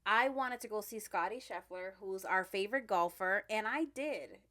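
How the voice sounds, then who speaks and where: A woman's voice: medium pitch, expressive, normal speed, bright, forceful tone. A middle-aged woman co-hosting a podcast, telling stories in casual chat and laughing often. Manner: chatty storyteller, laughs often. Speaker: podcast co-host.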